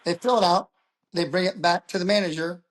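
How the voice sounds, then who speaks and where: A middle-aged man, a public speaker, talking as an interview guest and telling stories in a lively way. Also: high-pitched, a little fast, a little hiss or hum. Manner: animated storyteller who acts out quoted voices. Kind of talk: casual interview talk.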